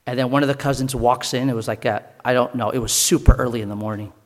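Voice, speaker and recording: A man's voice: medium pitch, steady tone, big-room sound. A man preaching in a sermon, telling personal stories earnestly in short, broken phrases. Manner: earnest storytelling, pausing between short phrases. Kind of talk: sermon testimony.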